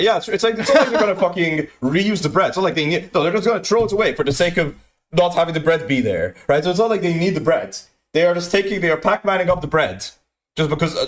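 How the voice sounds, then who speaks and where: A young man telling a profane, aggrieved story in a rambling rant, full of repeats and quoted lines. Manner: aggrieved, profane, repetitive, fast-swinging pitch. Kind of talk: ranting anecdote.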